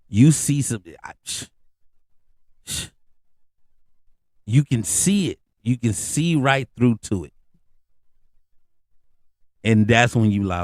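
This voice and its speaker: A middle-aged man hosts a podcast in loose, slangy comedic talk. His voice is mid-pitched, and it jumps high on the asides. The sound is dry and close, with no room echo. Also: slow pace, long pauses. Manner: animated, slangy storytelling with rising pitch on asides. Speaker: podcast host. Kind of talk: casual comedic monologue.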